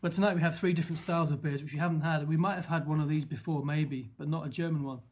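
A man's voice: on the high side, steady tone, fast talker. A man hosting a casual beer podcast, chatty, reading out beer facts with dry asides. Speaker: podcast host.

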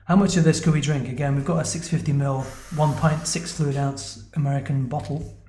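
A man with a slightly high voice hosts a casual beer-tasting chat. He talks in a chatty, easy way. The room around him is echoey. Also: fairly even intonation, brisk, mellow, slight background noise. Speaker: podcast host.

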